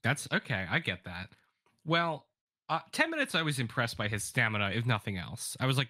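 A man co-hosting a casual advice podcast, telling a story in an animated way, swearing freely and acting out the people he quotes. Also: medium pitch, normal speed, dry recording. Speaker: podcast co-host.

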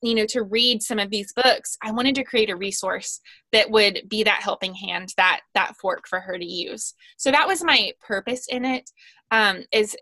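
A woman speaks as a podcast guest, earnest and talkative, with lots of casual fillers. Her voice is bright and forward. The sound is close and dry, with no room around it. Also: fairly high pitch, no room sound. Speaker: guest author of a Bible study guide.

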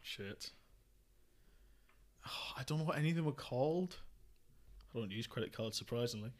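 Casual male podcast co-host, mid pitch, jokey and rambling, quizzing a friend. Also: animated, moderate pace. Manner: jokey, rambling, self-deprecating. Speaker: podcast co-host asking quiz questions. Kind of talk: casual film podcast chat.

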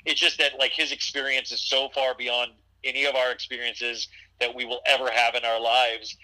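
In a casual chat, a podcast host rambles with plenty of fillers and restarts. His mid-range voice is level, bright, and forceful at a moderate pace, captured on a low-quality recording.

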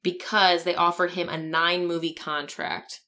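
Woman on a movie podcast, kinda low voice but bright, says like a lot. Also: flat delivery, a little slow. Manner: chatty, lots of "like" fillers. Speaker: podcast co-host. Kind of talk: casual movie chat.

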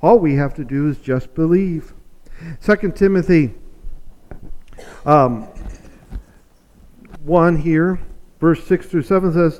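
A man's voice: fairly high pitch, takes it slowly, long pauses, a little mellow, lo-fi sound. A pastor preaching a sermon to his congregation, moving from conversational talk to fervent exhortation. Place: church sanctuary.

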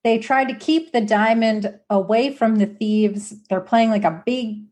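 A young woman co-hosting a casual podcast, retelling movie scenes with quick laughs and quoted lines. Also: on the high side, fairly even intonation, a little mellow. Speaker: podcast co-host. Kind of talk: casual chat.

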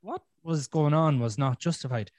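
A man's voice: fairly high pitch, moderate pace, a little mellow, a little hiss or hum. A man with an Irish accent talking bluntly and swearing freely as a podcast guest in a casual conversation.

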